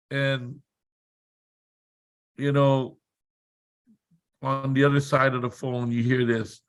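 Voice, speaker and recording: A man's voice: medium pitch, steady tone, slow, long pauses. A man speaking at a seminar, telling a motivational story with emphatic, repetitive build-ups and dramatic delivery. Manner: dramatic, acts out shouted quotes.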